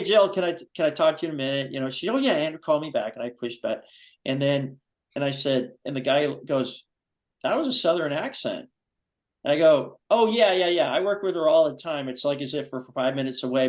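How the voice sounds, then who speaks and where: A man hosting a foundation's live video-call show, chatting enthusiastically in a rambling way with many pauses. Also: mid-range voice, darkish tone, low-quality recording. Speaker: foundation vice president and host. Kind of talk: casual Zoom talk show chat.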